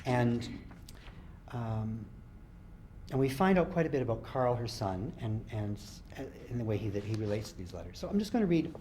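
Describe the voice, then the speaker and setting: An author talking about his novel before reading, speaking in a hesitant way with many pauses and restarts. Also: medium pitch, sing-song, mellow, slight background noise. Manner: hesitant, lots of ums and restarts.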